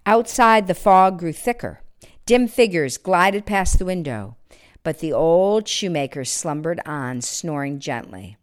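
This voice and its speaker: Expressive woman reading a storybook aloud. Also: on the low side, unhurried. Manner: expressive, drops to hushed near-whispers.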